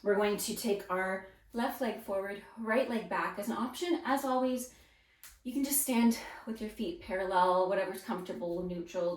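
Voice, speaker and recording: A woman leading a follow-along ballet arm workout, counting beats and cueing moves in an encouraging, upbeat way. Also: mid-range voice. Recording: roomy sound, mic set at a distance.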